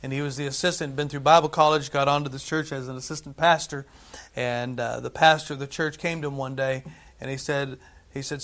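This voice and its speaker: A man preaching a sermon in a conversational way, often checking in with "right?" and dropping from loud to hushed. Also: medium pitch, flat delivery, a little fast. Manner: conversational, frequent "right?" asides, swings between loud and hushed.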